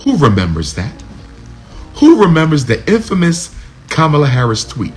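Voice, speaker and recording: A man delivers a preachy, repetitive commentary, his pitch swinging widely. Faint music runs under him. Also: wildly swooping pitch, normal speed. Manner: preachy, repetitive, rising and falling emphasis. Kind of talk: political commentary monologue.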